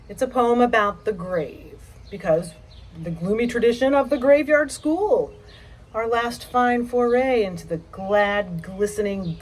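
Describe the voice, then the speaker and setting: A woman's voice: medium pitch, slight background noise. Playful woman hosting a poetry vlog. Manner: playful, dramatic, lively delivery. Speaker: poetry channel host. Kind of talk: casual literary vlog with poem reading. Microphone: home setup mic.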